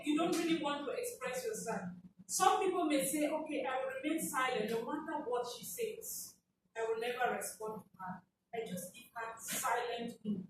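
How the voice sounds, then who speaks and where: A high-voiced woman runs a workshop, drawing answers from participants and often laughing as she coaxes them. She sounds far from the mic in a very echoey room. Steady background noise sits under her voice. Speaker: workshop facilitator. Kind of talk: interactive teaching, questioning participants.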